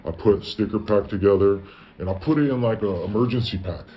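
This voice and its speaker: Profane, low-voiced storyteller man. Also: fairly quick. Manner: profane, tells stories with lots of "I was like" quoting. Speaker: guest telling his story. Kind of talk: casual storytelling. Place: parents' garage. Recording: dull lo-fi audio with faint background noise.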